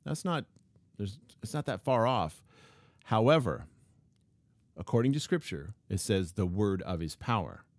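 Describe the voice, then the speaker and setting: A man's voice: on the low side, sing-song, unhurried, pauses often, no echo. A man preaching a sermon, emphatic, repeating key phrases and reading scripture aloud. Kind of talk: sermon teaching.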